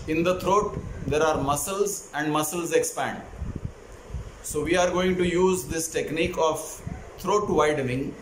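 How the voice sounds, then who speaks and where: A man teaching a breathing technique, explaining each step calmly before demonstrating it. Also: a little high. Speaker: breathing instructor. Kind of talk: instructional demonstration. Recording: echoey room, faint noise.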